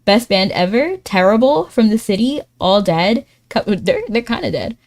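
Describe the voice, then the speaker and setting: Chatty streamer woman thinking aloud. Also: moderate pace. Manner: chatty, thinks aloud, laughs often, sudden excited pitch jumps. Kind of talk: casual live-stream chat while playing a word game.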